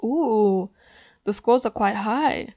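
A woman's voice: a little high, slow, warm tone, no room sound. A woman vlogging in a casual chat, chatty and opinionated, with frequent fillers.

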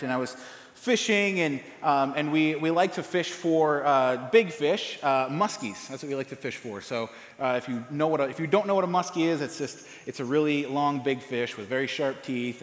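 Rambling preacher in an echoey hall. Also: male voice, a little high. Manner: casual, rambling storytelling with many fillers and restarts. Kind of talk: sermon with a personal story. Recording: echoey hall with long reverb.

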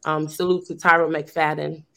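Woman teacher on a video call, kinda gravelly, pretty monotone, rambles earnestly with lots of you know. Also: low-pitched, normal speed. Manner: earnest, rambling with many fillers and restarts. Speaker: teacher and youth program founder. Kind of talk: casual conversational sharing.

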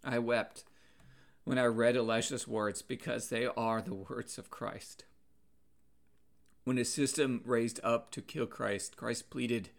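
An earnest man delivering a sermon at a measured pace. His voice sits in an ordinary middle pitch, and he pauses and restarts words as he works through his points. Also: fairly even intonation, gravelly. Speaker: preacher.

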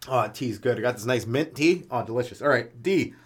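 A man's voice: lively intonation, brisk, husky. A man doing a loose, rambling stand-up comedy monologue on his podcast, self-mocking and jumping into silly voices, with a smoker's cough. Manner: loose and self-mocking, acts out silly characters in jumps of pitch.

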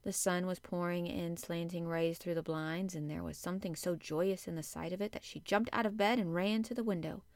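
A woman reading a classic children's novel aloud, measured and gentle. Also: lowish voice, fairly even intonation, dry recording. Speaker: audiobook narrator. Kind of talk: storybook narration.

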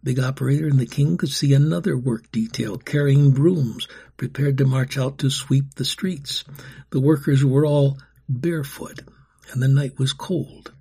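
A man narrating a storybook in a grave, steady telling. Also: medium pitch, moderate pace, gravelly, slightly rough.

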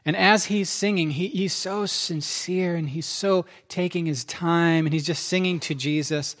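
A middle-aged man preaching, telling his testimony in an animated, self-interrupting way and acting out quotes. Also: on the high side, measured pace. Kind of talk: testimony storytelling.

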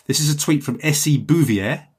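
A man's voice: a little high, moderate pace, darkish tone, husky. A man hosting a podcast, chatting casually and reading out listener messages in a rambling, self-correcting way. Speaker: podcast host.

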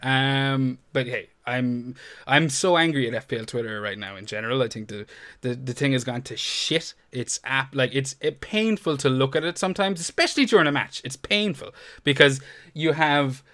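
Bright-voiced man ranting, profane. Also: mid-range voice, moderate pace. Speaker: podcast co-host. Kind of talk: casual podcast chat.

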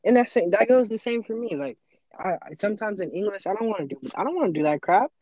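A man's voice: high-pitched, expressive, fast talker, highs cut off, a crowd in the background. A teenage boy in casual chat, earnest and motivational, often acting out his own inner voice. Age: teens. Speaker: podcast co-host.

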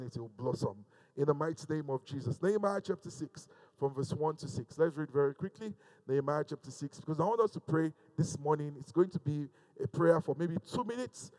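A man's voice: a little high, a little mellow, rough recording. A male pastor preaching a sermon, building emphatic repeated lines and joking with his congregation. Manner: preaching with rising, emphatic repetition; jokes with the congregation.

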